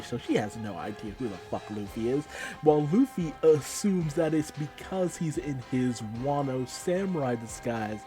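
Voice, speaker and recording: Casual male manga reviewer, warm, dark tone, loose delivery, light music underneath. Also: medium pitch. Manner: animated, laughing, loose and profane. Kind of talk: casual commentary recap.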